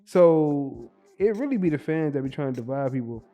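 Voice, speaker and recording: A man co-hosting a podcast, talking in a relaxed, reflective way. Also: a little high, normal speed, soft background music. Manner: relaxed, reflective, sports-savvy. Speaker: podcast co-host. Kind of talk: casual chat.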